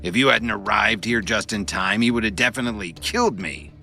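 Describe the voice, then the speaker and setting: A man's voice: on the low side, expressive, fairly quick, gravelly, bright, forceful tone, soft background music, exaggerated voice. A man voicing a spoiled, boastful young man who whines and exaggerates to his father in an audiobook. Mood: whining. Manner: whining, pleading, exaggerating. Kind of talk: audiobook narration.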